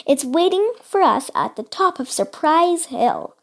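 A woman reading the lines of a cheerful young girl explorer from a storybook, bright and eager. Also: high-pitched, big pitch swings, measured pace, pitched above the performer's own voice, exaggerated voice. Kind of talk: storybook read-aloud.

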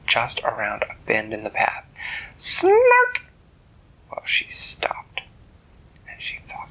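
A man telling a bedtime story to a child in a gentle, animated way. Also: medium pitch, vocal fry, husky, low-quality recording.

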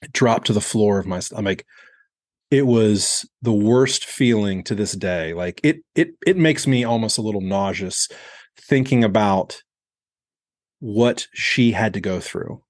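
Low-voiced man telling a candid story. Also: no echo. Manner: reflective, candid, slows down on heavy moments. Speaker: podcast host. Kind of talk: storytelling on a sales podcast.

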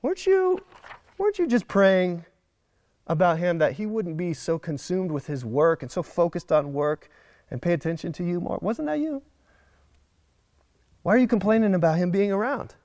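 A high, playful heavenly father speaks with fond, scolding amusement, as a man puts him on. The voice is dry and close, with no room sound. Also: animated, moderate pace, pauses often, a little mellow, no echo. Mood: teasing. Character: God, a teasing, fatherly heavenly voice.

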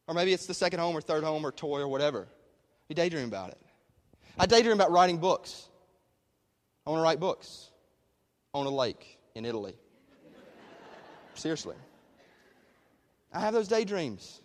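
A man's voice: on the high side, very animated, a little fast, long pauses. A man preaching a conversational sermon in a church, with emphatic delivery and many rhetorical questions. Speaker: pastor. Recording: long hall reverb.

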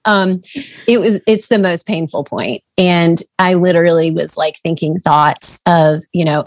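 A woman with a lowish voice talks in an earnest, reflective way, pausing on fillers as she chats on a faith podcast. Her voice sits close and dry, with no room around it. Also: no echo. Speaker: podcast co-host. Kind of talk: casual faith chat.

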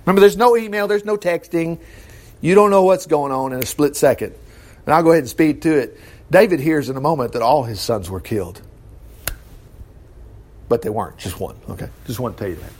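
A man's voice: fairly high pitch, brisk, long pauses, a little mellow. A man preaching in a folksy, storytelling way, full of wry asides. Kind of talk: sermon, conversational storytelling.

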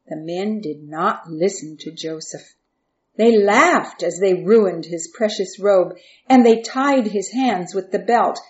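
A woman reading a Bible story aloud in a calm, steady storytelling voice. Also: mid-range voice, takes it slowly, highs cut off.

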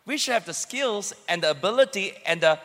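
A male pastor gives a conversational sermon in a high, bright voice, calling out for the congregation to respond. His words carry across a church hall with long reverb. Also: expressive, a little fast.

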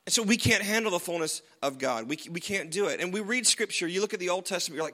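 A man's voice: a little high, fast talker, hardly any pauses, bright, forceful tone. A man preaching a sermon in a casual, conversational way, with jokes and frequent asides to the congregation. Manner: conversational, humorous, frequent tag questions. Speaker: pastor.

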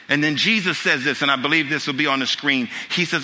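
A man's voice: a little high, fast talker, few pauses, pushed and bright. A man pastor preaching a sermon in a church, impassioned, repeating key phrases and building to urgent questions. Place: church sanctuary. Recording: long hall reverb with music underneath.

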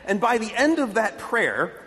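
A male preacher telling a story in an emphatic sermon. His voice sits high and swings widely in pitch. It rings in a long hall reverb. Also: big pitch swings, measured pace, pushed and bright.

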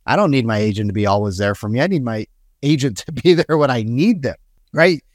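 A man's voice: mid-range voice, expressive, a little fast, no echo, studio quality. A man giving a direct, emphatic sales coaching talk and acting out quoted voices. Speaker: sales trainer.

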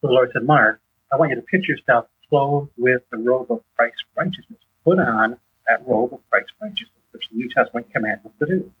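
Husky man on a tinny phone line. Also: fairly quick. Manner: animated storyteller, acts out dialogue with rising pitch. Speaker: interview guest. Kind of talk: conversational teaching on faith.

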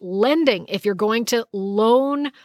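A woman's voice: on the high side, slow pace, a little mellow, no echo, studio quality. A woman teaching a Bible study lesson, reading verses aloud and explaining them in an emphatic, conversational way.

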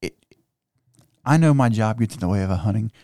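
A man's voice: lowish voice, expressive, fairly quick, warm tone. A man, co-hosting a hunting podcast, telling stories with dry humor. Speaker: podcast co-host, first responder. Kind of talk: casual chat.

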